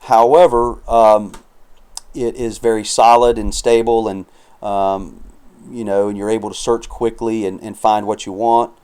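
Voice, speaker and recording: A man casually walking through software on a screen recording in a relaxed, chatty way, with frequent fillers and asides. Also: lowish voice, measured pace, clean tone. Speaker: software reviewer.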